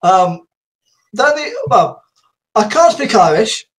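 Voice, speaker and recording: A man hosting a casual video chat, rambling and laughing often, a little croaky. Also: high-pitched, big pitch swings, slow pace, fairly bright tone. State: slightly croaky. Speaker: host.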